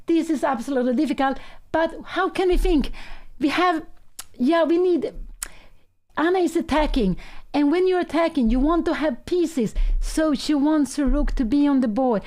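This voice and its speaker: Woman commentating live chess, high voice, Swedish native speaker, anxious excited thinking aloud. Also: normal speed.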